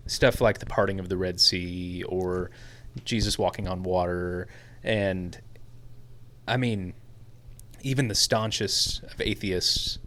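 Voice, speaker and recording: A man's voice: deep voice, fairly bright tone. A young man co-hosting a casual podcast chat, telling stories animatedly and laughing often. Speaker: podcast co-host.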